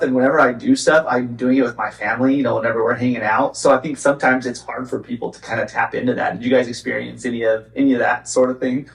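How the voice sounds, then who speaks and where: A man's voice: medium pitch, echoey room, recorded from a distance, low-quality recording. A man hosting a podcast in casual chat, talking in loose, rambling sentences with many restarts. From Arizona's Gila Valley. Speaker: podcast host.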